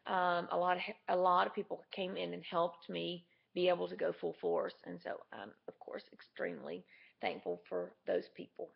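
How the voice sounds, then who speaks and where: Woman with a heavily gravelly fry. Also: lowish voice, normal speed. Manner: candid and chatty. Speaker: vlogger. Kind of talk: casual video diary to camera. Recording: dull lo-fi camera audio.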